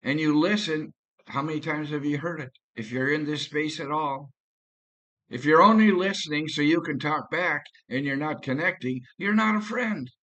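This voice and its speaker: A man talking to camera in a rambling, halting personal monologue, often restarting his sentences. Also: a little high, a bit bright. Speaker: vlogger.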